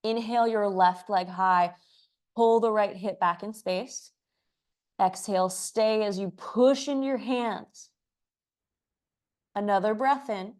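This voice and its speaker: With a darkish mid-range voice, she talks slowly and pauses often as she guides a live yoga session. The instructor matches each cue to the breath, is short of breath herself from moving, and adds chatty remarks with soft laughter.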